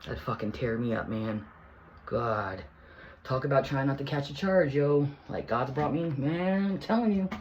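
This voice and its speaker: A woman vlogger telling a personal story in a heated, profane, rambling way. She keeps restarting her sentences and swings between hushed asides and near shouting. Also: rumbling low, normal speed, muffled recording, slight background noise. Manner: rambling with many restarts and fillers.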